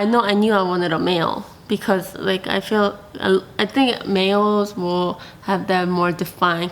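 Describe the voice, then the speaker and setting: A woman's voice: mid-range voice, gravelly. Chatty woman vlogger telling a story. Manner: chatty, animated, many fillers and quoted asides. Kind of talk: casual storytelling to camera.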